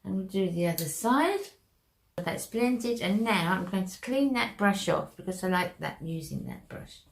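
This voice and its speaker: A woman's voice: medium pitch, animated, a little slow, vocal fry. A woman talking viewers through a makeup tutorial in a chatty, step-by-step way. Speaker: makeup vlogger.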